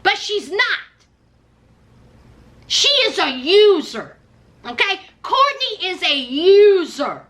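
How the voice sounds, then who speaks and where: A woman's voice: very high-pitched, very animated, slow pace, long pauses, a bit bright. A woman giving sassy, dramatic, scolding commentary on a reality show in a vlog.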